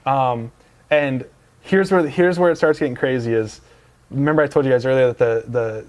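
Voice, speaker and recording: A man's voice: mid-range voice, moderate pace, a little mellow. A man as a guest on a casual interview show, telling a rambling anecdote full of fillers and restarts, in a lounge. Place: dealership lounge couch.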